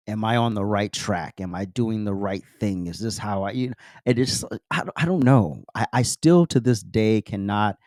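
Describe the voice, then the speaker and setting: A man's voice: on the low side, no room sound, clean studio sound. A man hosting a podcast, telling an earnest, reflective personal story with open emotion. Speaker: podcast host.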